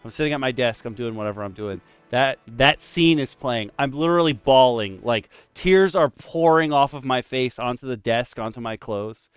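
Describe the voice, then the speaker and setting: Animated male stream host, smooth voice. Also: medium pitch, moderate pace, few pauses, no room sound, highs cut off, faint music behind. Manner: animated storyteller, voice jumps up in punchlines. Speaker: stream host, dungeon master. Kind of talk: casual roundtable chat.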